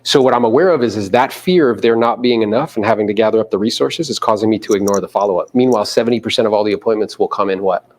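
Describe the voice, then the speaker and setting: A man's voice: fairly low pitch, racing, few pauses. Man coaching a live room. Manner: animated, acts out people's voices, coarse slang. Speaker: real estate coach. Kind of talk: live seminar talk to an audience.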